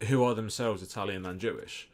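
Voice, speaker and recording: A man's voice: lowish voice, steady tone, a little fast. A man co-hosting a let's-play, joking and swearing as he riffs at length over the game. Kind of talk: casual gameplay commentary.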